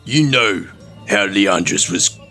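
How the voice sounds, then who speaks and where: A man voicing a hostile stranger who confronts the group, with a gravelly voice. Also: on the low side, animated, slow, sharp tone, faint music behind, full character voice.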